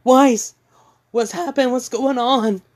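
A man's voice: very high-pitched, fairly even intonation, slow, pitched above the performer's own voice. A man doing a fierce young woman leader. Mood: alarmed.

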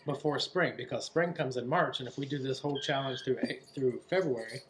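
A man chatting casually at home on a diet vlog, relaxed and rambling. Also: mid-range voice, fairly quick, background noise. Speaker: co-host of a keto vlog channel. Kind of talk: casual chat.

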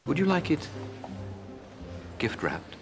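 An actor playing a fussy, overeager male shop clerk, polite and drawn-out, in a film clip. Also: on the high side, wildly swooping pitch, heavily acted. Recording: film clip over music.

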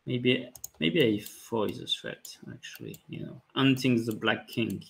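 A man, a chess grandmaster calmly thinking aloud about his moves during a live stream, with light jokes. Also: medium pitch, measured pace, creaky. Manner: calm, thinking aloud move by move, light joking. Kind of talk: live-stream commentary on his own play.

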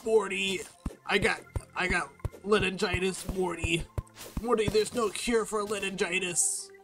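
A man doing an impression of a frantic old male mad scientist, yelling in a shrill, strained voice at his grandson. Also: fairly even intonation, a little slow. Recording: game music behind.

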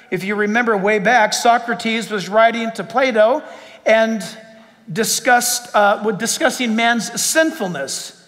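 A middle-aged male pastor preaching a sermon with passion, rising to shouts at the high points. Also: in a large hall.

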